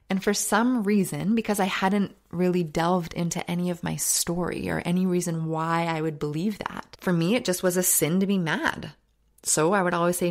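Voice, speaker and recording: A woman hosting a faith-based self-help podcast, telling stories earnestly and sometimes dropping to a soft near-whisper. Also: on the low side. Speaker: podcast host.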